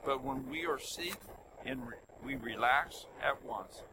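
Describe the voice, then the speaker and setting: An older man preaching a sermon, telling stories in an animated way that swings between loud emphasis and soft asides. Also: medium pitch, measured pace, background noise.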